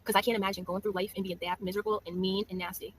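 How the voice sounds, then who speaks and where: A woman's voice: medium pitch, little pitch movement, racing, slight background noise, poor audio. A woman streamer delivering scornful, profane commentary, taunting a rival with mock sympathy. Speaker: YouTube streamer. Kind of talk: mocking livestream commentary.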